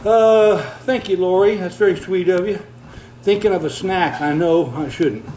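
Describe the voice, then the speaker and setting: With a high, somewhat mellow voice at a moderate pace, an older man chats on a livestream, reading viewer comments as he walks on a treadmill. He's folksy and easygoing, chuckles often, and sounds slightly out of breath, with slight background noise in the rough recording.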